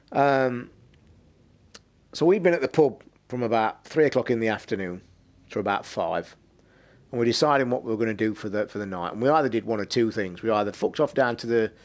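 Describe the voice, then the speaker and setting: A man, telling a long personal anecdote on a podcast in a casual, sweary, animated way. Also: on the low side. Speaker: podcast host. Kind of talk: casual storytelling.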